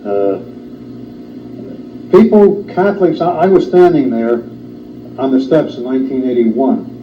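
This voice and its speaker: A man speaking as a guest in a studio discussion, halting with many filler sounds and an indignant tone. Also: mid-range voice, expressive. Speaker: talk show guest. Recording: roomy, distant, dull old studio tape with faint hiss.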